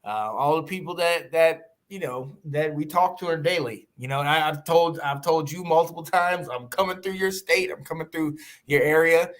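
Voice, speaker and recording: A man from the United States hosting a podcast, talking in a rambling, animated way with frequent laughs and restarts. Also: fairly high pitch, normal speed, few pauses. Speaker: podcast host. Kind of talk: casual chat.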